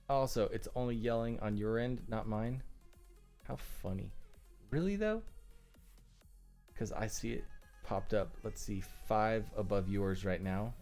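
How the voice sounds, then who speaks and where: Laid-back low-voiced man streaming. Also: a little mellow. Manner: laid-back, talks to chat between tasks. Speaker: livestream host working on car lights. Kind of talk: casual livestream chat while working.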